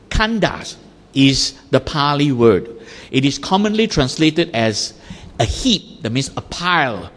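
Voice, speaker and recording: A man's voice: on the high side, long reverb tail. A man teaching a Buddhist class, explaining ideas through everyday examples with little acted-out quotes. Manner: acts out little everyday scenes in lively quoted voices.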